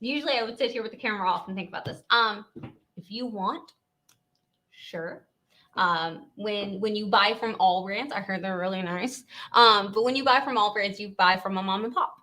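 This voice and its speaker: A woman's voice: mid-range voice, moderate pace, bright, forceful tone. A woman from Louisiana, hosting a casual live stream and chatting in a rambling way, laughing often.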